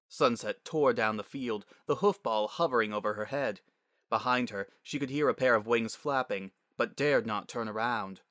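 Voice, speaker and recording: A man narrating a story as a dramatic reading, measured and expressive. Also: medium pitch, no room sound, clean studio sound.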